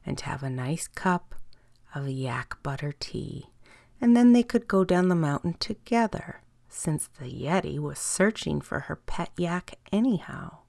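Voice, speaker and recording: Female storyteller for a bedtime tale: soft and lilting, with gravelly fry and a dry, close sound. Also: sits low, no room sound. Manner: soft and lilting, slowing down and dropping to a whisper on some words.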